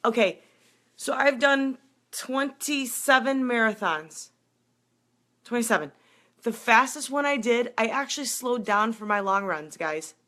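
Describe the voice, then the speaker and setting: A middle-aged woman coach talking fast and excitedly on a live video, greeting viewers by name between tips. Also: on the high side. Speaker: running and triathlon coach.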